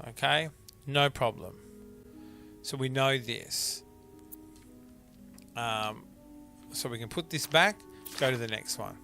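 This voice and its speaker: A man's voice: medium pitch, takes it slowly, vocal fry, long pauses, pushed and bright, soft background music. A man playing a mystery video game, chatting and reading letters aloud with frequent stumbles. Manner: chatty, stumbling over words while reading. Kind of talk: let's play commentary, reading letters aloud.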